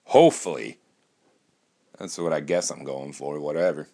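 A man's voice: a bass voice, moderate pace, mellow. A man from Wisconsin hosting a podcast, talking in a rambling, profane casual monologue with frequent restarts.

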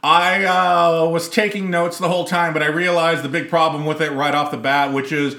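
A male podcast host in his thirties with a bright, forceful voice, chatting loosely with co-hosts. He rambles through fillers and laughs easily. The room rings with noticeable echo. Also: a little high, fairly even intonation, normal speed. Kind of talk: casual chat. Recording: echoey room.

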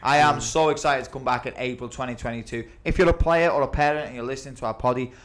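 A football coach hosts a casual podcast, his voice sitting at an ordinary male pitch. He talks eagerly and quickly turns to promoting his coaching camps. The tone is chatty and informal throughout. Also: a bit bright.

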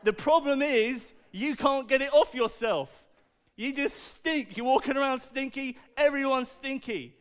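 A man preaching a playful, animated talk to children, asking the audience questions and using object lessons. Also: extremely high pitch, measured pace, clean tone.

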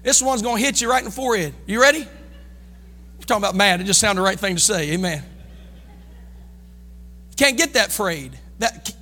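A middle-aged man with a Midwestern American accent preaching a sermon as pastor, folksy, swinging between loud shouting and quiet asides. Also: very high-pitched. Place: church sanctuary. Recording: long church reverb.

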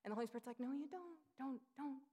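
A woman's voice: high voice, fast talker, husky. A woman in her thirties preaching a sermon, telling personal family stories and acting out the voices of the people in them. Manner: animated storytelling, acting out quoted voices. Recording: long hall reverb.

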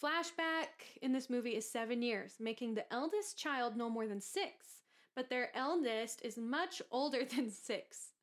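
A woman's voice: fairly high pitch, unhurried. Playful woman reading movie trivia. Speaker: podcast co-host. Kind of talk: casual chat.

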